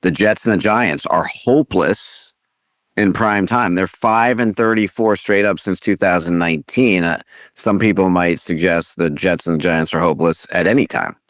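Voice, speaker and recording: A man hosting a sports betting podcast, reading quick stats with a wry, dry sense of humor. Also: low-pitched, no echo. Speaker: podcast host. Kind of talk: casual podcast segment hosting.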